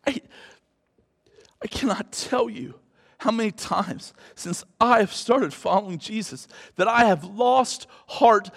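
A man preaching a sermon as pastor, earnest, swinging from hushed lines to loud rises. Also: high-pitched, big-room sound.

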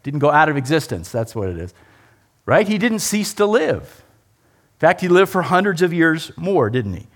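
Animated preaching man, lively pitch. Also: normal speed. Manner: animated, emphatic preaching with rhetorical questions. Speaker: pastor. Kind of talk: sermon.

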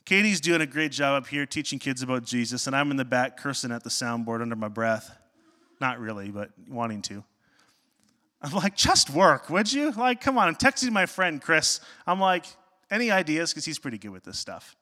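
A man, a pastor, preaching a sermon with animated, self-deprecating storytelling and jokes. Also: medium pitch, moderate pace. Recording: long hall reverb.

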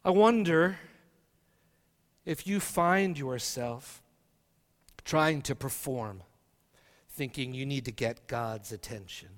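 A man preaching a sermon as a guest preacher, reading scripture dramatically and dropping to a hush for emphasis. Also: mid-range voice, takes it slowly, long pauses. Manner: dramatic scripture reading, swinging from loud to hushed. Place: church sanctuary. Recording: long church reverb.

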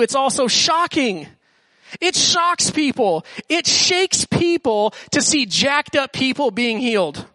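A man's voice: very high-pitched, sharp tone, no echo. A man preaching as a student pastor in a casual, slangy style, often acting out what people in the story say. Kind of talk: sermon.

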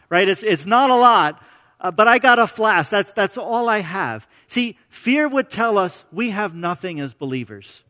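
Man, preacher, high voice, conversational sermon, frequent restarts, long echoing reverb. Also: lively intonation, unhurried, sharp tone. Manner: conversational, many restarts and "right?" tags.

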